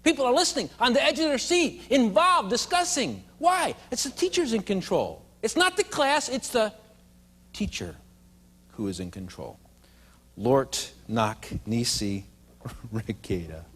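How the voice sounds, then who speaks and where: A man with a high, lively voice leads a room full of adults through a playful teaching session. His speech swings widely in pitch as he gets the crowd to repeat phrases back to him, and a long reverb trails each line through the hall. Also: normal speed, slightly rough. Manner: playful, leads audience in call-and-response. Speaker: teacher trainer. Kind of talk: live teaching seminar. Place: hall with a live audience of adults.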